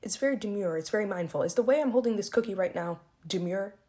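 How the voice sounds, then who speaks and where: A woman vents to the camera in a casual, puzzled and exasperated way. Her voice sits at a middling pitch. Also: fast, mellow. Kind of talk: casual vlog talk.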